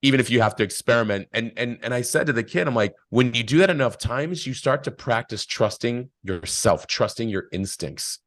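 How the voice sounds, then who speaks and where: A man's voice: medium pitch, expressive, fairly quick, few pauses, a bit bright, no echo. A man talking casually and reflectively as a podcast guest, telling stories with quoted voices. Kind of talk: casual spiritual talk.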